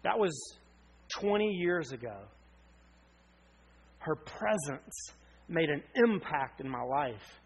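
A man's voice: fairly high pitch, lively intonation, takes it slowly, vocal fry, pauses often, slightly rough, muffled recording. A man in his thirties, from North Carolina, preaching an earnest sermon with emphatic questions. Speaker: pastor.

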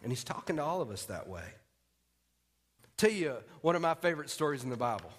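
A man preaching a sermon as pastor, conversational and joking, dropping to quiet emphasis on key points. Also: fairly high pitch, sing-song, brisk.

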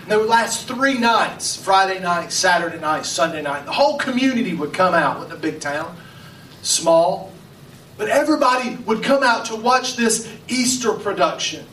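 A man from West Virginia preaching a sermon, dramatic, with pauses and acted-out voices. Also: high-pitched, animated, a bit bright, a little hiss or hum. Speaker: pastor. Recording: echoey, from far off, faint music.

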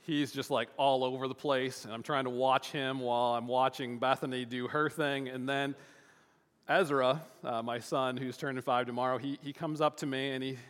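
A man's voice: mid-range voice, steady tone, normal speed, a bit bright. A man in his thirties telling a family anecdote in a loose, rambling way, with lots of fillers and restarts. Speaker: father telling a family story. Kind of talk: casual personal storytelling. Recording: long reverb, hall-like.

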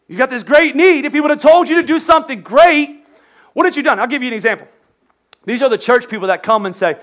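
A high-voiced man preaches in an easygoing storytelling way, retelling scripture in everyday words. He is lively and chatty and often stumbles and restarts his sentences. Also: fast. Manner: lively, conversational, self-correcting. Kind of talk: casual sermon storytelling.

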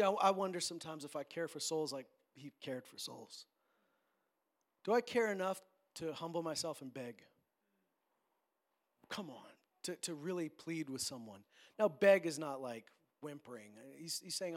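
A man preaching with a notably high voice for a man, his delivery rising into loud, ringing declarations and then dropping to low, soft pleading. He lingers on key phrases and repeats them for weight. It is an earnest pulpit sermon. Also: moderate pace. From Canada. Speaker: pastor.

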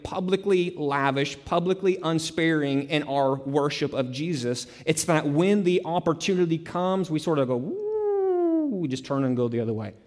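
A man preaching a sermon, emphatic, piling up repeated words and rising into bursts. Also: a little high. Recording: long hall reverb.

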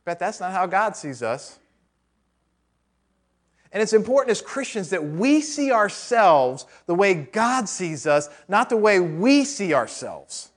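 Slow yet very animated, a male pastor with a voice that sits high preaches conversationally, tossing rhetorical questions at the congregation and cracking joking asides.

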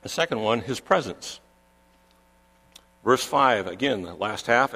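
A man's voice: medium pitch, animated, moderate pace, a bit bright, big-room sound. A man preaching a sermon, pressing his points with emphatic repetition. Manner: emphatic, repeats key phrases for stress.

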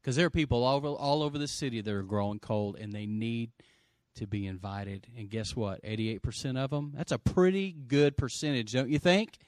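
A middle-aged pastor preaching an energetic sermon, swinging from loud bursts to hushed stretches and calling for amens. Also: male voice, medium pitch, brisk, dry recording, clean studio sound. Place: church sanctuary.

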